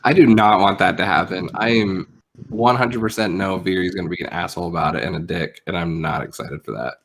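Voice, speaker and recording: A man who is a player in a tabletop game, chatting casually and retelling scenes in an animated way. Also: low-pitched, fairly quick, creaky, slight background noise. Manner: animated storytelling full of fillers. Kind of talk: casual chat between game turns.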